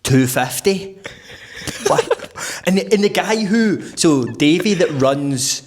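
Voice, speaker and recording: A man's voice: a little high, expressive, slow pace. A man with a Glaswegian accent, a podcast guest rambling through sweary anecdotes in casual chat.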